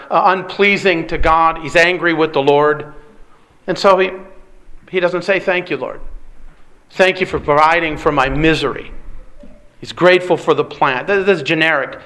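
A man's voice: sits high, sharp tone, poor audio. A man preaching a sermon, emphatic, repeating key words and putting rhetorical questions to the congregation. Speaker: pastor.

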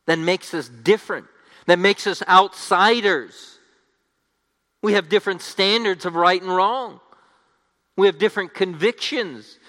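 A man's voice: high voice, sharp tone. A man preaching an expository sermon as pastor, emphatic, restating each point in repeated phrases. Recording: long reverb of a large hall.

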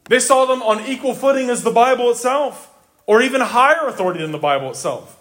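A man's voice: very high-pitched, lively intonation, fast, a bit bright. A man preaching a sermon, emphatic, repeating words for stress and addressing his listeners directly. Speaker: pastor.

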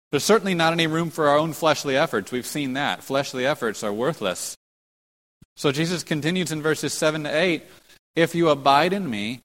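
A man's voice: a little high, fairly bright tone. A man preaching an expository sermon as a pastor, earnest and full of rhetorical questions, often restarting his phrases. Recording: long hall reverb.

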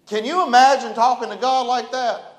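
A man's voice: very high voice, fairly even intonation, normal speed, roomy sound. A man preaching a sermon in an emphatic style, reading scripture and pressing his point. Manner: emphatic, preaching with Bible verses and a short prayer.

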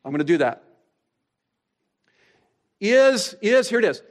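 High-voiced, slow-preaching male pastor. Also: big pitch swings. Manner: expository preaching, rhetorical questions, dramatic pauses; slows down to stress key phrases. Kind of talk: sermon.

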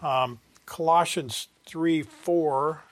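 An older man teaching a Bible lesson from his notes, earnest and slowing down to stress key phrases. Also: fairly high pitch. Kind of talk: sermon reading from notes.

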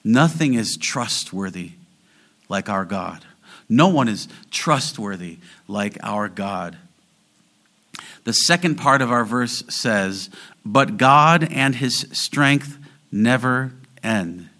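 A man preaching a sermon in an earnest way, slowing down and rising in volume to stress key phrases. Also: lowish voice, animated, a bit bright. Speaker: pastor.

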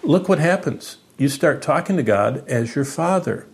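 A man preaching a sermon as pastor, in an earnest teaching manner, with lively swings in pitch and loudness. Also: normal speed, vocal fry.

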